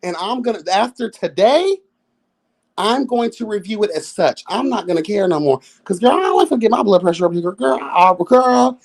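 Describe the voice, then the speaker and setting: A man in his late thirties hosts a live review of a reality show. He rants in a sassy, profane, exasperated way. His pitch swoops up and down all the time. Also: gravelly. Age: 30s. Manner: addresses listeners as girl and y'all.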